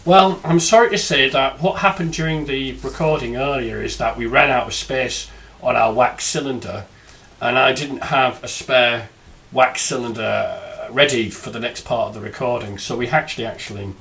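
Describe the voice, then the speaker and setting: A man hosts a podcast, talking in a loose, conversational way. He tends to ramble and likes to poke fun at himself. His voice sits at an everyday middle pitch. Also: moderate pace, vocal fry, a bit bright. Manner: chatty, self-mocking joker. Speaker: podcast host.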